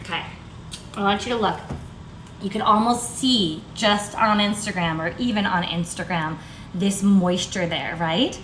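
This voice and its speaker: A woman hosting a live cooking demonstration in a kitchen, chatty, bubbly and easily excited. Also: mid-range voice, unhurried, reverberant, slight background noise. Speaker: cooking show host.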